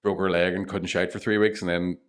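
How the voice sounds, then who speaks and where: Man, thirties, Northern Irish accent, comedian, fairly low voice, sweary, laughing storyteller. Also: level tone, a little fast, a little hiss or hum. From Northern Ireland. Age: 30s. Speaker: comedian guest. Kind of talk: casual podcast chat.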